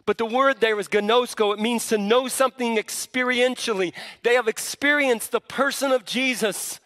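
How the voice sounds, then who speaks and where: With an extremely high, pushed and bright voice at normal speed, a man preaches as pastor. His teaching starts conversational and builds to fervent emphasis, echoing with the long reverb of a large hall.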